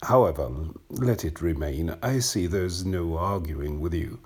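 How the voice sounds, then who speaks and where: A man's voice: low-pitched, unhurried, darkish tone, husky, voice pushed down. A man reading a story aloud, voicing a middle-aged family doctor who hesitates and mutters in embarrassment. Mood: flustered.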